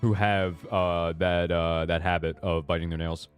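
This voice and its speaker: A man's voice: low voice, little pitch movement, a little slow, clear, resonant tone, soft background music. A man streaming a game, chatting casually with a joking, self-deprecating manner. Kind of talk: casual gaming stream commentary.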